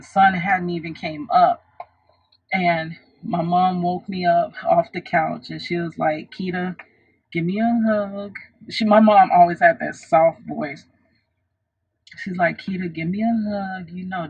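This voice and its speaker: A woman's voice: fairly low pitch, slightly rough, lo-fi sound. A woman vlogger telling a personal story in an earnest, reflective way, often restarting her sentences.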